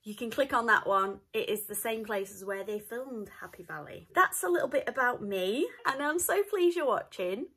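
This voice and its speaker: A Northern English woman vlogging from home, chatting to camera in a rambling, cheerful way. Her voice sits fairly high and rings bright and forward. She drifts into little asides as she talks. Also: lively intonation, normal speed, few pauses, husky. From north of England. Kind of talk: casual chat to camera.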